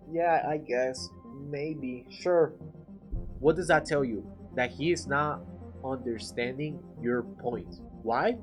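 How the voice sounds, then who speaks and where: Male sales coach, slightly high voice, chatty and playful, soft music under. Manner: conversational, acts out greetings with playful voices. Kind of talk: casual instructional talk to camera.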